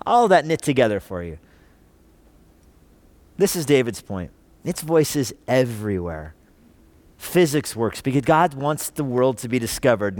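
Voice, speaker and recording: Animated man preaching a sermon. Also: mid-range voice, no room sound. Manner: animated, conversational preaching with rhetorical questions. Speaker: pastor. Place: church.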